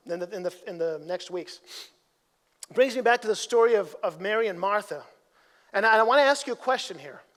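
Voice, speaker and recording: A man preaching a sermon as pastor in a church, speaking conversationally, repeating his words and building to emphatic peaks. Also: high voice. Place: church sanctuary. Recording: long hall reverb.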